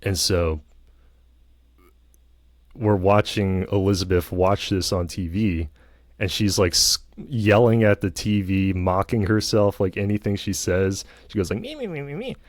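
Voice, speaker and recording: Low, slow-talking man. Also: fairly even intonation, no echo. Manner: rambling, lots of fillers and hedges. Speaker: vlogger. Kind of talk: casual film review.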